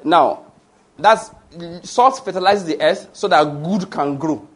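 Male preacher, slightly high voice, emphatic and digressive. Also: takes it slowly, fairly bright tone, husky. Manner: emphatic, asks the congregation questions and answers them; digressive, with restarts and fillers. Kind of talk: sermon.

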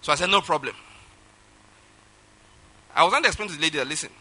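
A Nigerian English-accented pastor delivers a sermon in a very bright, ringing voice pitched a little above the usual for a man. He tells his story with animated swings between loud outbursts and soft, low asides. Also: fast talker.

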